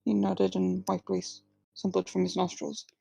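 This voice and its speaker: Woman reading her own story live, lots of fry, mellow voice, restarts here and there. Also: mid-range voice, monotone, normal speed, dry recording, rough recording. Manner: plain reading with slips and restarts, few distinct character voices. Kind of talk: live reading of first-person fiction.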